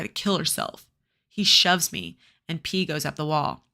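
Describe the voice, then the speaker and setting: A woman reads a novel aloud for her students, stopping now and then to comment in a loose, chatty way. Her voice is bright and forward, sitting a little low. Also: moderate pace, creaky. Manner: casual, chatty asides with fillers and restarts. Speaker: teacher reading a novel aloud.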